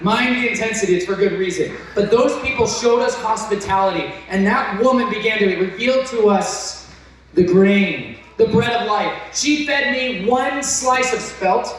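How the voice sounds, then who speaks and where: A man preaching an excitable storytelling sermon, intense and breaking into shouts. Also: high-pitched, normal speed. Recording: very echoey, from far off.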